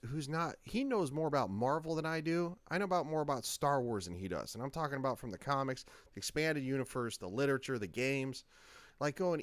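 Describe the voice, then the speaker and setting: A man's voice: medium pitch, dry recording. A man hosts his own reaction video, talking casually and rambling. He stumbles through frequent fillers and restarts, and his voice sits in the middle of the usual male range. The recording is dry, with little room sound. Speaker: channel host.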